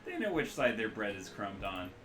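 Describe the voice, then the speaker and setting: A man voicing a cheerful, hungover, scarred middle-aged man who runs a cybernetic back-alley clinic, speaking loud and boastful with a loose Midwestern accent. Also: on the low side, very animated, normal speed, a little hiss or hum. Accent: loose Midwestern American. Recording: roomy echo, faint room ambience.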